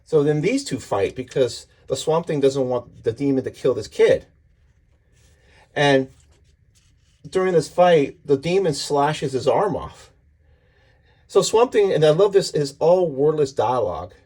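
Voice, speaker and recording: A man's voice: fairly high pitch, lively intonation, a little slow, dark tone, slightly rough. A man casually and enthusiastically recapping a comic book issue, acting out the characters' lines as he goes. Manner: enthusiastic, retelling panels with voices.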